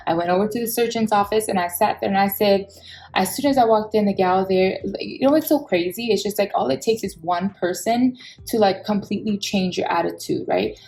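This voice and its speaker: A woman, telling a personal story in an expressive, heated vlog style and acting out the people she quotes. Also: mid-range voice, normal speed, gravelly, soft background music, low-quality recording.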